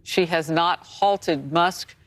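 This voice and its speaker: A woman news anchor briskly reporting a court development and turning to a guest. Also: on the low side, no room sound.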